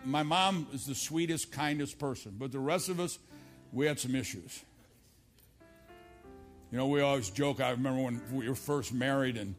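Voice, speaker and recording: A middle-aged male pastor preaching a televised church sermon, telling stories and moving from loud, emphatic lines to low, quiet asides. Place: church service filmed for television.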